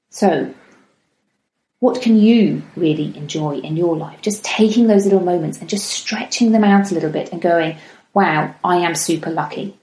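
A woman in her thirties, hosting a reflective solo podcast talk in a gentle, chatty manner, slowing down to stress her points. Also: medium pitch. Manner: gentle, chatty, slows down for emphasis. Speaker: podcast host. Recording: echoey room.

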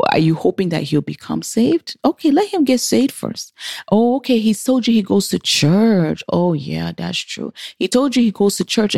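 Woman, Christian advice talk, mellow dark tone, dry close sound, restarts words mid-sentence. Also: vocal fry, dry recording. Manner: acts out inner voices with big theatrical pitch swings. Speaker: Christian advice speaker for single women. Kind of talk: preachy heart-to-heart talk.

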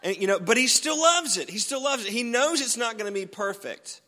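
A man's voice: very high voice, lively intonation, brisk, sharp tone, big-room sound. A man preaching a sermon as pastor, chatty and jokey, often restarting his sentences.

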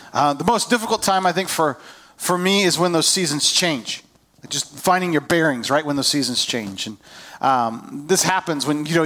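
A man in his thirties, a pastor preaching a conversational sermon to a congregation, who often acts out the questions of anxious people. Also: fairly high pitch. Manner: conversational, animated, acts out voices of worried people. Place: church hall.

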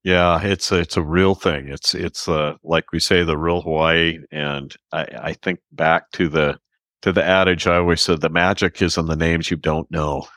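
A very deep-voiced man hosts an interview with eager, rambling enthusiasm, often restarting his sentences. The sound is dry and close, as on a video call. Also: steady tone, moderate pace, fairly bright tone, dry recording. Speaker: podcast host. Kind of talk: casual interview chat.

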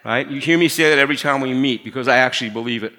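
A middle-aged man preaching a sermon in a conversational way, dropping to a hush to stress his points. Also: medium pitch, racing. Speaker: pastor.

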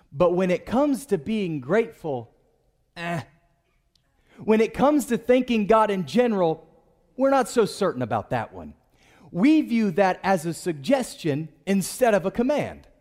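A male pastor delivers a sermon in church, urging the congregation to answer back. His voice sits high and swings widely in pitch. He preaches with lively, rising and falling emphasis. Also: in a large hall. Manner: preaching with call-and-response to the congregation.

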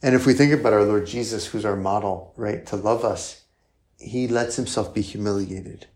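A man's voice: fairly low pitch, normal speed, a little mellow. A male priest preaching in a conversational style, often asking rhetorical questions and adding "right?". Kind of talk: sermon.

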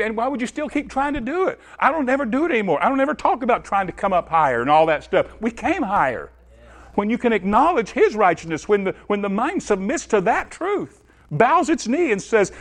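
A man delivers an animated sermon straight to his congregation, alternating loud, high bursts with quiet, low asides.

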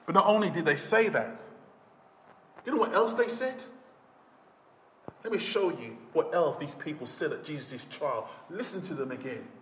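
A man preaching a sermon in a church, dramatic, swinging between shouts and hushed low phrases. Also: animated, moderate pace, pauses often, slight background noise. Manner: dramatic, rising to shouts and dropping to near whispers. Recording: echoey church hall.

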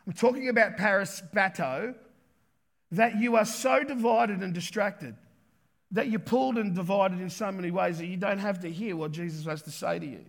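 A pastor preaching a sermon with emphatic delivery, repeating key words and acting out quotes. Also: male voice, high-pitched, moderate pace, gravelly.

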